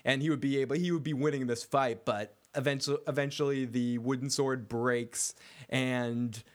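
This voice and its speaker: A man co-hosting a casual recap podcast, talking excitedly, swearing and often restarting his sentences. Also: mid-range voice, normal speed. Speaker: podcast co-host.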